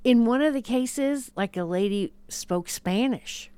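A woman's voice: a little high, expressive, measured pace, mellow, smooth, no room sound. A woman co-hosting a radio show, chatting casually and reading listings with hesitant fillers. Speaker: radio co-host. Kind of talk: casual on-air chat and listings. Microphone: studio mic.

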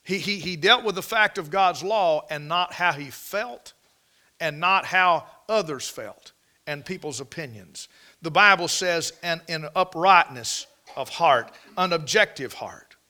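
A man's voice: fairly high pitch, expressive, a little slow, pushed and bright. A male preacher giving a sermon in an emphatic, folksy way, often asking his listeners questions. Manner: emphatic, folksy, asks the congregation rhetorical questions.

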